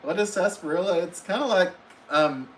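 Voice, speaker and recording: A man's voice: high-pitched, a little fast, slight background noise, rough recording. A man hosting a casual live stream from home, reading viewers' comments aloud and answering each one in a friendly, chatty way.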